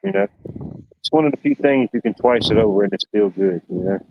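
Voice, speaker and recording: Male host, low-pitched, easygoing rambling chat, muffled lo-fi stream sound. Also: big pitch swings, a little fast, gravelly, noisy background. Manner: rambling, laid-back storytelling with many fillers. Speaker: livestream show host. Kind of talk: casual chat. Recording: dull lo-fi stream audio.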